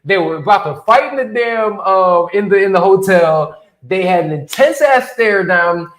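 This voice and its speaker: A man co-hosting a casual fight recap podcast, animated and profane, often laughing as he talks. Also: high voice, moderate pace. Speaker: podcast co-host. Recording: roomy echo.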